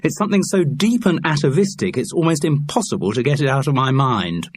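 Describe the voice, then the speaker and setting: A man's voice: a little high, expressive, fairly quick, breathy edge, no room sound, voice pushed up. Man as a wry, grumbling middle-aged actor.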